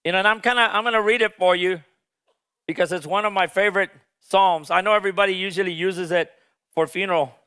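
A man's voice: high-pitched, steady tone, fast, pushed and bright, clean tone. A man preaching a sermon as pastor, leading the congregation in call-and-response with passionate, emphatic peaks.

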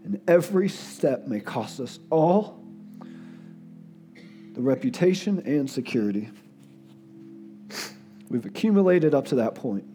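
A male guest preacher giving an earnest sermon, sometimes emotional and dropping his voice softly for quotes. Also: very animated, measured pace, long pauses, soft background music. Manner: earnest, tearful in places, drops to soft low tones for quotes. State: crying at times.

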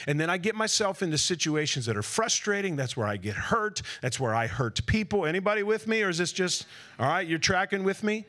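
A man giving an energetic preaching talk to a conference audience, with jokey asides and questions thrown to the crowd. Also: high-pitched, normal speed, few pauses. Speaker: conference speaker. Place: conference hall before a live audience.

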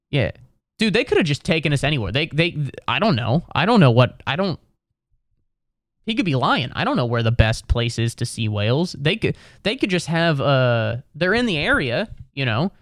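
A man's voice: fairly high pitch, no echo, clean studio sound. A man doing a rambling, exasperated stand-up routine, swearing freely. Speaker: comedian. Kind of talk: stand-up comedy monologue.

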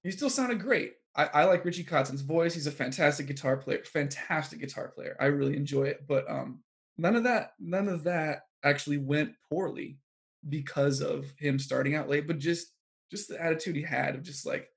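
A man with a somewhat high, gravelly voice tells a story in a casual podcast chat. He talks in an animated way, full of fillers, and his voice often jumps up when he exclaims. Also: normal speed. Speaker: podcast co-host.

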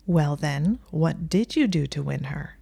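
A woman's voice: deep voice, animated, measured pace, gravelly, warm tone, breathy edge, full character voice. A woman reading the lines of an imperious ancient sorceress, severe and cooing by turns. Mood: teasing. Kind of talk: storybook reading.

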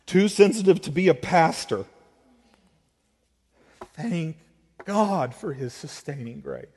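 Emotional preacher in a reverberant hall. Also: male voice, on the high side, expressive, slow pace, creaky, a little mellow, slightly rough. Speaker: pastor. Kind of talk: sermon. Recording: long reverb of a large hall.

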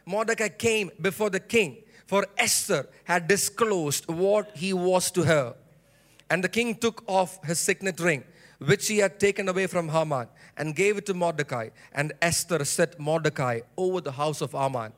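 In a church sanctuary, a male pastor with a high-pitched voice preaches a sermon at normal speed. He leads the congregation in call-and-response, using emphatic repetition.

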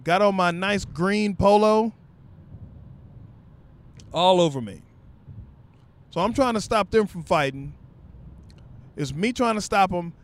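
A young man telling a funny story straight to his viewers, loose and profane. His voice sits a touch high and stays casual. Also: animated, takes it slowly, long pauses. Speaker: vlogger.

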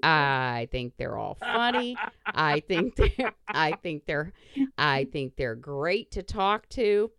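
Bawdy woman podcast host, lively voice. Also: low voice, slow pace, clear, resonant tone, dry recording, studio quality. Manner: bawdy, laughing, self-mocking. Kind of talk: casual chat.

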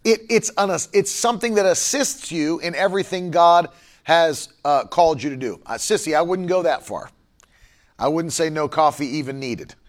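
Emphatic high-voiced man preaching. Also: animated, normal speed. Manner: emphatic, repeats key phrases; reads viewer comments aloud. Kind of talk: livestream sermon.

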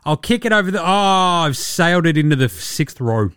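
Aussie man playing a panicking ball player, frantic, flustered, raised pitch, swearing. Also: big pitch swings, brisk, fairly bright tone, no echo, studio quality. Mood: panicked. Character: panicking young male basketball player thinking aloud.

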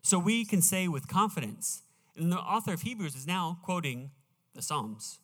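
A man preaching in a church sanctuary, his somewhat high voice carrying a long reverb tail through the hall. He talks earnestly and stretches out his scripture readings slowly and with weight. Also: animated, a bit bright. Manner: earnest, slows down to read scripture emphatically. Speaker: pastor. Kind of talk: sermon.

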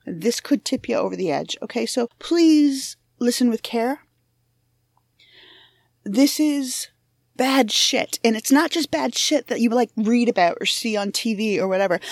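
A woman podcast host talks in a loose, candid way, sprinkling in curse words and wry asides about herself. Her voice sits a little high for a woman. The recording is dry and close, with no room sound. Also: vocal fry, no room sound. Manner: frank, profane, self-deprecating. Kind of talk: casual monologue intro.

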